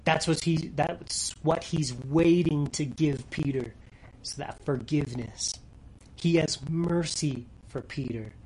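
Earnest preaching man, slightly high voice. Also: slow pace, slightly rough, low-quality recording. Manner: earnest preaching, dropping to soft near-whispers for tender lines; rises loud and high reading scripture. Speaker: pastor. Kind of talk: sermon.

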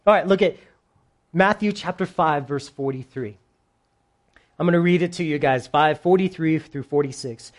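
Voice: mid-range voice, normal speed. A pastor giving a sermon in a casual, humorous way, often asking the congregation questions.

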